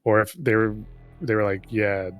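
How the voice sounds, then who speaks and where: A man's voice: lowish voice, fairly even intonation, moderate pace, a little mellow, dry recording, soft background music. A man casually recapping a game's story in a rambling, profane, sarcastic way. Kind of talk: casual chat.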